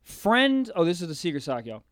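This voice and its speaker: A man co-hosting a podcast in crude comedic banter, laughing and swearing as he goes. His voice sits high and swings widely in pitch. The sound is close and dry. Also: normal speed, no echo. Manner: loud, laughing, excitable, swears a lot. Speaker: podcast co-host.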